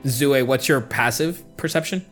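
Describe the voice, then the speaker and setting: A man running a tabletop game, narrating with slow, dramatic emphasis in a mid-pitched voice. Light music plays faintly underneath. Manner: slow, dramatic scene-setting. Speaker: game master.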